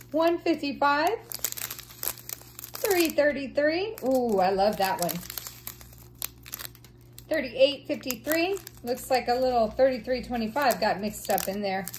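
A woman, chatting casually and gushing excitedly while unboxing craft supplies and reading out numbers. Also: fairly high pitch, slight background noise. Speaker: craft vlogger.

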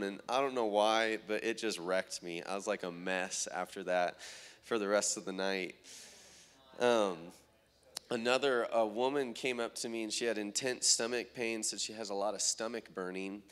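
Man excitedly retelling prayer meeting stories. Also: on the low side. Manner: excited and rising when retelling dialogue, halting with fillers. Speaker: minister recounting healing meetings. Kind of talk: testimony storytelling.

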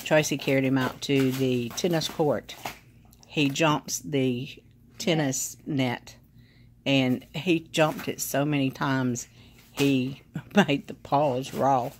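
A woman's voice: extremely low pitch, steady tone, slow, a little hiss or hum. Woman calling out to her dog. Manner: bubbly sing-song commands and praise to a dog. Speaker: vlogger filming her dog. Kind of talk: casual home video chat. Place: living room at home, on a sofa. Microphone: phone camera.

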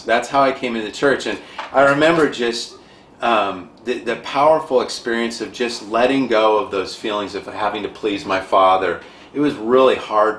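A man guest on an interview show, animated and self-described dramatic, telling a personal story. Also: on the low side. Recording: echoey room, faint background noise.

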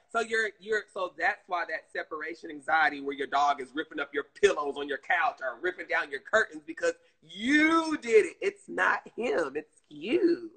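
A woman chatting casually on her live stream, animated and swearing freely, calling her viewers "girl". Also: lowish voice, a little slow, breathy edge, rough recording.

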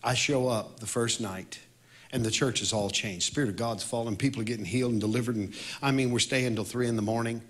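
A worship leader tells a story during a sermon, his mid-range voice fairly quick and fairly even in intonation. He swings between loud outbursts and quiet reflection.

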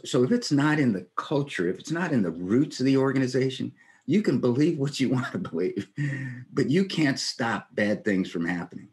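Speaking in a medium-pitched, darkish voice, a man in his sixties from the United States, a retired army general, shares earnest stories in a relaxed interview. He quotes other people and chuckles lightly along the way.

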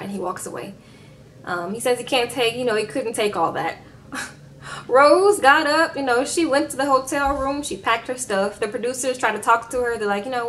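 A woman casually recapping a reality episode, sassy and animated with laughing asides. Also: on the high side, normal speed, slight background noise.

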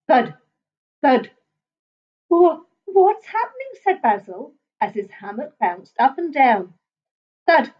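A woman reads a children's picture book aloud slowly, her fairly high voice rising and falling expressively. The recording is slightly dull and lo-fi. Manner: expressive, gentle read-aloud. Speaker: storybook reader.

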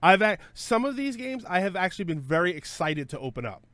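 Hosting a live stream, this man rambles and jokes as he thinks out loud, his voice slightly raised, very animated and a bit bright. He talks fairly quickly, keeps restarting and correcting himself, and fills pauses with "uh" and "um". The audio is close and dry, with no room sound at all.

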